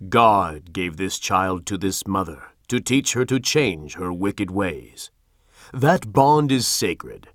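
A man's voice: deep voice, expressive, slow, no room sound, clean studio sound. A man voicing a frail young reverend in an audiobook, with a powerful, trembling voice. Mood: impassioned plea.

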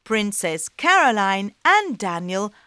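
A woman reading a children's story aloud, slow, clear and expressive. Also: medium pitch, no echo, clean studio sound.

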